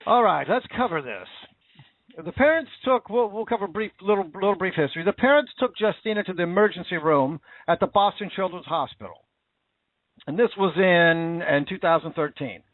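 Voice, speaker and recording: A man with a high voice delivers indignant, impassioned talk-show commentary, repeating himself for emphasis. The sound is dry and close, squeezed through a narrow, phone-like band. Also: expressive, normal speed, no room sound. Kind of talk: casual political commentary. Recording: tinny phone-like line.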